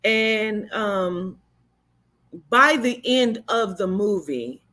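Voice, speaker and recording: A woman shares her reaction to a movie in a relaxed, unscripted vlog. She speaks with raw emotion and plain candor. Her talk is full of fillers and the occasional swear word. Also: mid-range voice. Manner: emotional, candid, swears freely, many fillers. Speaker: vlogger and spiritual reader. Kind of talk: casual movie recap chat.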